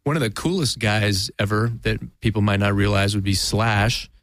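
A man's voice: fairly low pitch, moderate pace, fairly bright tone, dry recording. A man talking as a guest musician in a casual interview, rambling and self-deprecating, laughing often.

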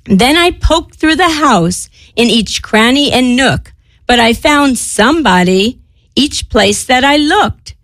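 A woman reciting a children's poem in a gentle, measured way. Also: high-pitched, lively intonation, dry recording.

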